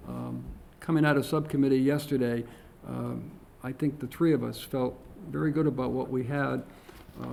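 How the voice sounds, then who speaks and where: A man's voice: mid-range voice, vocal fry, dark tone, a little hiss or hum, poor audio. A man chairing a town commission meeting, speaking with frequent ums and uhs. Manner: hesitant, many ums and uhs. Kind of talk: public meeting discussion. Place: meeting room.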